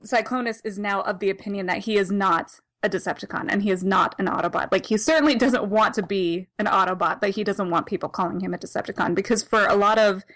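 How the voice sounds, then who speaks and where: Here is a woman co-hosting a podcast, her pitch sitting right in the middle of the usual range. She talks casually, laughs a lot and rambles into self-corrections. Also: fast talker, hardly any pauses, a bit bright. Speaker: podcast co-host. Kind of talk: casual comic discussion.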